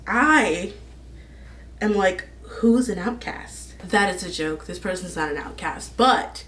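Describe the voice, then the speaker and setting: A woman's voice: on the low side, animated, unhurried, a bit bright. Gushing young woman vlogger, distant mic. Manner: gushing, rambling, laughs often. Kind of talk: casual fan casting chat.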